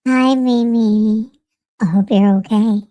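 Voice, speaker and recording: A woman doing a nervous young woman in jail, reading her own letter aloud in a put-on voice. The voice is high and slow, with a pleading, drawn-out delivery. It is recorded close and dry. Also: steady tone, mellow, dry recording. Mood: anxious.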